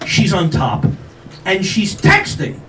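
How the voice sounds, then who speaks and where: A man's voice: high voice, wildly swooping pitch, takes it slowly. Older man doing a brash stand-up set. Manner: brash, self-mocking storytelling with acted-out quotes. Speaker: stand-up comedian. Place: comedy club stage with audience laughter. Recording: echoey club from a distance, noisy.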